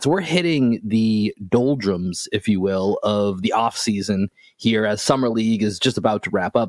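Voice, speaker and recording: Guy hosting a sports pod, chatty and loose, medium pitch, dead dry sound. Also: dry recording. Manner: upbeat, chatty, loose phrasing. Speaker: podcast host. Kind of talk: casual sports podcast chat.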